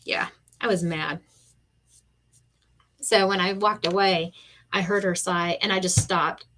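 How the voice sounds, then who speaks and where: A woman's voice: on the low side, a little slow. A middle-aged woman, chatting casually and acting out quotes while crafting on a live stream. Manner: animated storyteller, acts out quotes.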